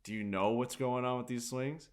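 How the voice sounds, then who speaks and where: A young man co-hosting a podcast, telling stories in casual chat, animated and swearing freely. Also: medium pitch, moderate pace. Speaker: podcast co-host.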